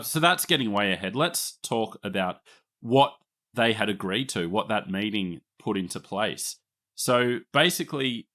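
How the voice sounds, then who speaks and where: A man with an Australian accent and a mid-range, fairly bright voice hosts a casual history podcast, explaining at length in a chatty way and laughing easily.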